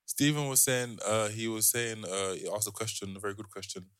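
A man's voice: on the low side, brisk, smooth, no room sound, clean studio sound. A man with a London accent co-hosting a podcast, telling stories and mimicking his friends. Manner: animated, mimics others. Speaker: podcast co-host. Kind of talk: casual storytelling.

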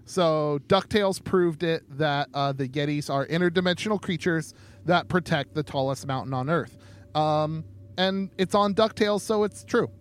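A man's voice: on the high side, normal speed. A young man co-hosting a podcast in a casual chat, rambling along with lots of ums and easygoing jokes. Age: young adult. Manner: rambling, many ums, laid-back joking. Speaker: podcast co-host.

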